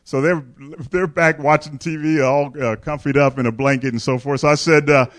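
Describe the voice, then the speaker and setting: High-voiced male pastor telling a funny story. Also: steady tone, moderate pace. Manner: candid, humorous storytelling with frequent chuckles; addresses the congregation directly. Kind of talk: storytelling sermon.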